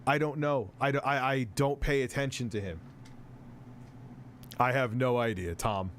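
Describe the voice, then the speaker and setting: A male streamer talks loosely through his reactions, full of false starts, tangents and casual profanity. His voice sits at an ordinary middle pitch, with a faint hiss behind it. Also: measured pace. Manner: rambling, profane, self-interrupting. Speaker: host. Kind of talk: casual livestream commentary.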